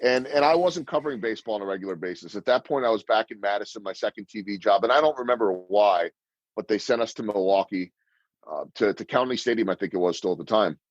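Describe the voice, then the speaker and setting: A man's voice: fairly low pitch, fast talker, no echo, highs cut off. Dry-sounding fifties man telling stories. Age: 50s. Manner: animated storyteller acting out quoted lines. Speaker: guest, sports broadcaster and speaker. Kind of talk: storytelling interview answers.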